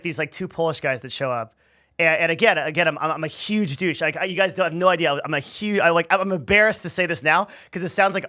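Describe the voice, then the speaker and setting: A man's voice: on the high side, pushed and bright, dry recording, studio quality. A young man telling a personal story casually to camera, swearing freely, with lots of restarts and fillers. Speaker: channel host.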